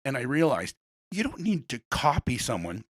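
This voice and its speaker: A man hosting a casual interview, telling rambling animated stories. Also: medium pitch, normal speed, dry recording. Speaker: podcast host.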